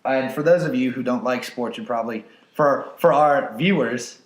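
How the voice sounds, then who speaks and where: A young man with a mid-pitched voice co-hosts a casual podcast, teasing his partner and bragging in mock seriousness. The room around him is echoey. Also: normal speed. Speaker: podcast co-host. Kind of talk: casual joking chat.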